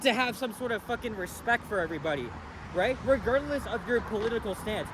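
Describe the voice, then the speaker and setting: A man's voice: high voice, animated, quick pace, slight background noise. A man walking outdoors and ranting angrily with lots of swearing, rambling as he talks to the camera. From Canada. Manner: angry, profane, rambling rant. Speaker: walking vlogger. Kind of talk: casual ranting walk-and-talk. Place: city street outdoors near traffic.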